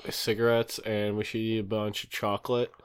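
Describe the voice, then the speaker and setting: Low-voiced man in playful banter. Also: level tone, moderate pace, smooth. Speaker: podcast co-host. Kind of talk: casual chat.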